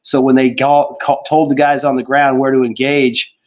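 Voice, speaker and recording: A man's voice: mid-range voice, little pitch movement, normal speed. A man chatting casually about world politics on a podcast, rambling and piling on fillers as he goes. He swears offhandedly and keeps circling back to his point. His audio comes through a bit dull and lo-fi. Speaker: podcast co-host.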